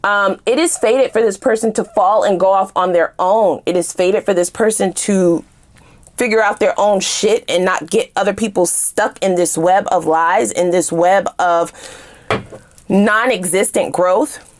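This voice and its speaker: A woman giving a casual tarot reading to her viewers in an animated, sassy way, swearing freely and laughing while she rants. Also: medium pitch, measured pace. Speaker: tarot reader.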